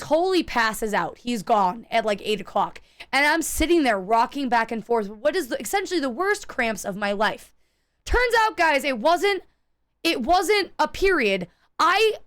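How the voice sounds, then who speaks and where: A woman streamer chatting casually while gaming, telling stories in a profane, animated way and acting out the people in them. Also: high voice. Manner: acts out quoted people in her stories.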